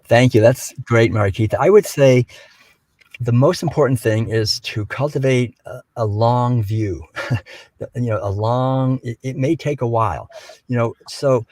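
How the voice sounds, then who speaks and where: An older man talks gently and without hurry, telling stories and often restarting his phrases. His voice sits at a middle pitch. The sound is dry and close. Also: dry recording, rough recording. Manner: gentle, unhurried storytelling with many restarts. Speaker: guest speaker. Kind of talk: reflective conversational talk.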